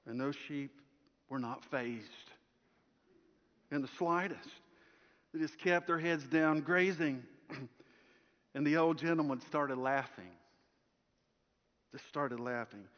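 A male pastor with a somewhat high voice delivers a sermon to his congregation. He tells his story dynamically, pressing out loud one moment and dropping to a near-hush the next. The sound is dull and lo-fi, with a long reverb trailing off the church walls. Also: slow pace, long pauses. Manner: storytelling, swinging from strong projection to hushed softness.

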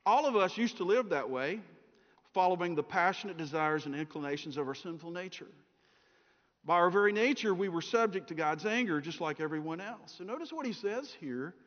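Middle-aged preacher guy, highish voice, storytelling sermon, muffled sound with long hall echo. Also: lively intonation, fairly quick. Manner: storytelling, acts out voices in anecdotes. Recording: dull sound in a reverberant hall.

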